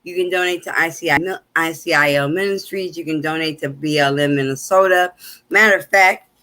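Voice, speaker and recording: Bright, animated woman host. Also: brisk. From Chicago, USA. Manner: animated storyteller with big pitch swings, laughs often. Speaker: host and minister. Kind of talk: live-streamed casual talk show. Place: at home.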